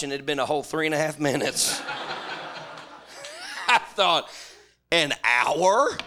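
High bright-voiced preacher. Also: male voice. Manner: swings from hushed storytelling to shouting. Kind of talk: sermon.

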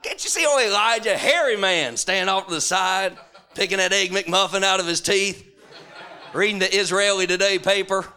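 A man preaching a sermon, moving from hushed storytelling to shouting. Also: high-pitched, moderate pace, clear, resonant tone.

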